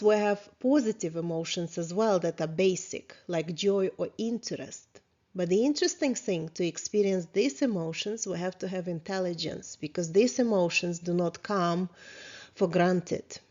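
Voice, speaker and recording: A woman therapist guides listeners through a self-reflection lesson at an unhurried, deliberate pace. Her voice sits in a middle pitch, calm and questioning, with small slips in grammar. The recording sounds a little dull and lo-fi. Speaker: therapist teaching a course.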